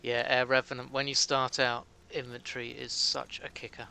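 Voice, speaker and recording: A man's voice: medium pitch, flat delivery, moderate pace, gravelly, bright, forceful tone, slight background noise. A British man chatting casually with his live-stream chat while playing a game, joking at his own expense. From Britain.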